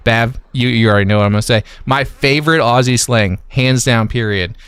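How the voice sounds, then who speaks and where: A bright, clear-voiced man hosts a livestream and chats easily with callers, leaning on lots of fillers. His voice sits close and dry on the mic. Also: medium pitch, a little fast, no room sound. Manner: easygoing, chatty, lots of fillers. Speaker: livestream host. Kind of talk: casual chat with callers.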